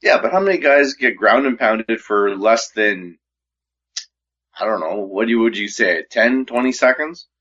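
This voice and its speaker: A man's voice: on the low side, lively intonation, normal speed, sharp tone. A man co-hosting a casual fight-sports podcast, conversational and asking questions. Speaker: podcast co-host. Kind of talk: casual MMA talk. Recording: dull lo-fi mic.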